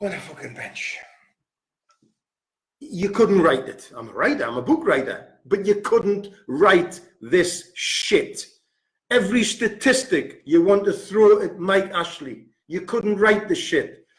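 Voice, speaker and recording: Angry fan pundit, slow deliberate swearing rant. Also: male voice, high voice, lively intonation. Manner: furious, swearing, repeats figures for emphasis. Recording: roomy echo.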